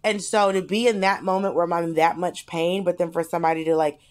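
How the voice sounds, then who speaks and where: A woman co-hosts a loose comedy podcast, spilling personal stories with lively energy and blunt language. She talks in quick bursts and shifts readily between excitement and reflection. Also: fairly low pitch. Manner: animated, candid storytelling with swearing and quick bursts. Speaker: podcast co-host. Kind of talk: casual comedic podcast chat.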